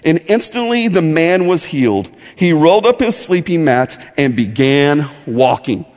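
A man teaching a Bible lesson as a story, animated and often repeating words as he starts. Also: a little high, a little slow. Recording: long echoey hall reverb.

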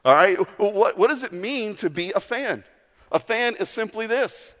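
Speaking at a moderate pace, this male pastor has a high, expressive and slightly bright voice. He gives his sermon conversationally, performing little asides for the congregation, and his words ring through a large church hall with long reverb.

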